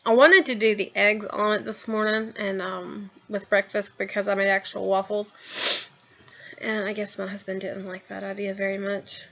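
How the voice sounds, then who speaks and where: A woman in her thirties talks casually into her camera at home, wandering from thought to thought with frequent ums and little asides. Her voice sits at a middle pitch for a woman. The home video sound is a little dull and muffled. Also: level tone, normal speed, vocal fry, a bit bright. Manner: rambling, many ums and trailing asides. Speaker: vlogger. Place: at home, in a house.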